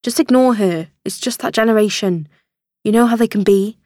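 A harried husband taking a call at work, voiced by a woman reading an audiobook. He sounds brisk and a little impatient and tries to smooth things over. The voice is dry and close. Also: medium pitch, warm tone, dry recording, close to an everyday voice.

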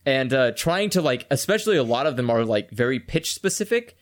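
A man's voice: medium pitch, sing-song, brisk. A man who voices game characters, chatting casually and laughing often. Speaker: game voice performer. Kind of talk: casual podcast chat.

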